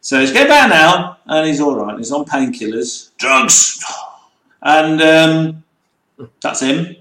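Co-host, male, lively higher voice, rants and mocks pronunciations, roomy echo. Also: slow. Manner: ranting, mocking pronunciations. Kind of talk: casual chat. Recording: echoey room.

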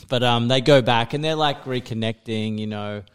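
A man's voice: medium pitch, normal speed, clear, resonant tone. A man, chatting casually as a podcast co-host, rambling and swearing, with lots of fillers. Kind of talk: casual chat.

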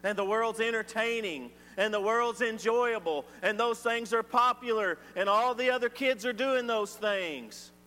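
A man preaching a sermon, swinging from loud emphatic lines to quiet ones. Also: high voice, measured pace, few pauses. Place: church sanctuary. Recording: reverberant church hall with faint hum.

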